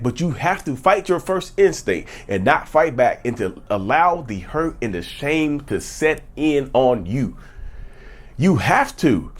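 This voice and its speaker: Speaking to his channel in a personal vlog monologue, this thirties-aged host uses a slightly high voice with a breathy edge. He's earnest and emphatic, circling back to repeat phrases when he wants to drive a point home.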